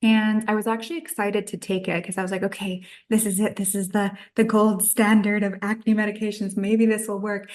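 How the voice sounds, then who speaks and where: A woman's voice: mid-range voice, little pitch movement, fairly quick, hardly any pauses. A woman in her thirties, a nutritionist guest on a podcast, telling her own story in a chatty way and acting out her past thoughts.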